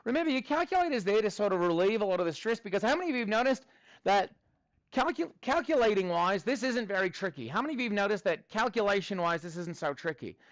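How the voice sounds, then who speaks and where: In a classroom, a man teaches a math lesson, joking playfully as he works through problems and sometimes slipping in mock Australian slang. His high voice is expressive and fast, recorded close and dry with no room sound.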